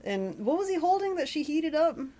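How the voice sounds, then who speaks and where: A woman's voice: high voice, very animated, brisk, mellow. A sleepy woman co-hosting a casual movie review podcast, making wry, sarcastic asides. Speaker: podcast co-host.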